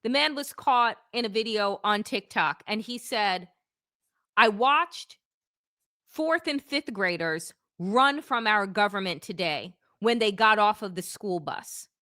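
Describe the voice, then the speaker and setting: Fiery, bright-voiced woman commentator. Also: medium pitch, lively intonation, slow pace, dry recording, clean studio sound. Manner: blunt, fiery, swears for emphasis. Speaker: podcast co-host. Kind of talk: heated political commentary.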